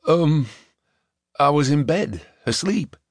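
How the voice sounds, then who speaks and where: A man's voice: fairly high pitch, lively intonation, no echo, clean studio sound, pitched above the performer's own voice. A male narrator voicing a flustered middle-aged man who hesitates and fumbles for words. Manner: hesitant, fumbling, halting with ums. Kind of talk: audiobook character voice.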